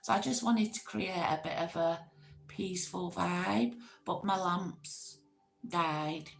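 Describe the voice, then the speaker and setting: Host type: woman with a Greater Manchester accent, slow and low, creaky, rambling chat. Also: faint music behind. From Oldham, England. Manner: chatty, rambling with fillers and restarts. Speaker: livestream host. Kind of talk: casual live chat reading comments.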